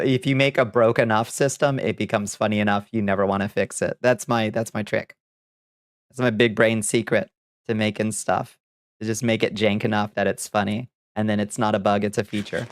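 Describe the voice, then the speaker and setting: Here a man with a smooth, lowish voice hangs out on a live stream, chatting casually, laughing frequently and swearing offhandedly. There's no room sound, and the recording is clean studio quality.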